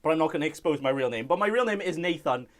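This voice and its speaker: A man's voice: fairly high pitch, expressive, quick pace. A young man from Wales, hosting a casual live-stream chat and reading out viewer messages in a jokey way.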